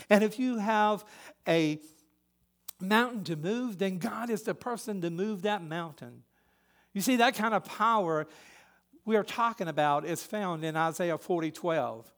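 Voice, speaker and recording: A pastor preaching a sermon, a man who is emphatic and swings between loud and soft. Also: high voice.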